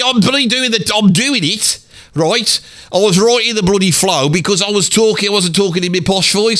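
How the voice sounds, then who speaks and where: Guy doing a chatty brummie fella, birmingham accent, high-ish voice, says bloody every other word. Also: pushed and bright. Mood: sheepish. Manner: rambling, peppers every line with "bloody". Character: rambling, swearing Birmingham bloke, middle-aged man. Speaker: comedy character talking about music. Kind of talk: comedic monologue sketch.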